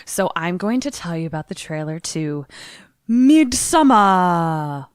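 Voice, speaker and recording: Young female podcast co-host, casual, low-pitched, swears a lot, dry studio sound. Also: brisk, dry recording. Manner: animated, swearing, lots of "like". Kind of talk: casual chat, retelling a trailer.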